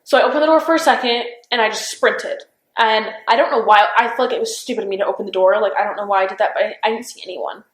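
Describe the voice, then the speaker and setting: A young woman in her twenties recounting events in a recorded police interview, halting and unsure, with constant fillers and restarts. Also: medium pitch. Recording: roomy interview room recording.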